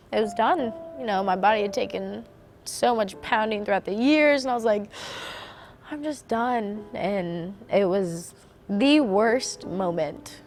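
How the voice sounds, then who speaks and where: Animated woman telling a story over music. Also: mid-range voice, gravelly. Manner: animated, acts out remembered dialogue, laughs through emotion. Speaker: former gymnast interviewee. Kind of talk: documentary interview storytelling. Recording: music bed underneath.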